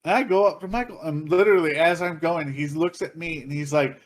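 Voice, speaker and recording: A man co-hosting a casual podcast, telling a wild story with lots of swearing and bursts of laughter. His voice sits a bit high for a man, and he jumps into other people's voices as he goes. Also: brisk. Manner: animated, profane, laughing, acts out voices. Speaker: podcast co-host.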